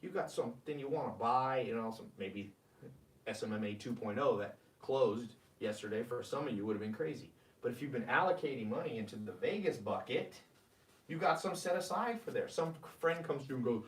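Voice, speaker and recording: A man's voice: medium pitch, lively intonation, brisk, reverberant, distant mic. A man hosting a live-streamed money advice talk. He talks with energy and reads viewer comments aloud. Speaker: host.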